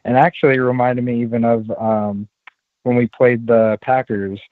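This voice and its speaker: Guy from orlando on a tinny phone call, flat even voice, chill. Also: medium pitch, normal speed, no echo. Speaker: caller. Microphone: phone line. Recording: thin tinny phone line.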